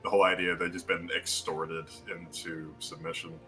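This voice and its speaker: Running a tabletop game as game master, this man narrates loosely, rambling with lots of fillers and restarts and giving voices to the townsfolk. His low voice moves little in pitch at a moderate pace, with a bright, forceful tone. Soft music plays in the background.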